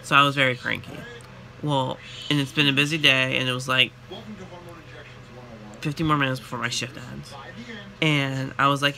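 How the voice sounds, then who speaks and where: A tired young man telling a chatty, animated story about his workday in a casual vlog. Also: mid-range voice, moderate pace, vocal fry, pauses often. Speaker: vlogger and retail worker.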